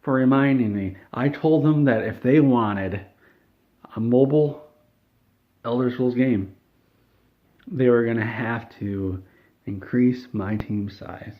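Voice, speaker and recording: A man's voice: mid-range voice, slow pace, pauses often, natural voice. Man doing a whiny, moody game studio boss. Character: gloomy middle-aged male game studio boss. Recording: tinny phone-like sound.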